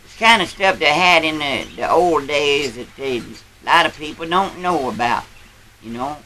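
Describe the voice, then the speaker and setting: A man's voice: a little high, animated, normal speed, pushed and bright, a little hiss or hum, rough recording. A man playing a boastful old country grandpa, telling a rambling tall tale in a folksy drawl. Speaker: storyteller. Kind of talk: character storytelling.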